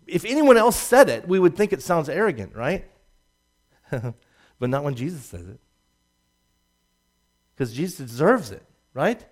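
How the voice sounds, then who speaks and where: Guy preaching a sermon, gets loud and high then drops way down, chuckles a lot. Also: measured pace, pauses often. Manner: animated preaching, rising loud for emphasis and dropping low; laughs at his own jokes. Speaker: pastor.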